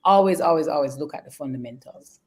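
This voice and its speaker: A woman's voice: low-pitched, fast. A woman market analyst giving viewers advice on a live show, insistent and repeating her key point.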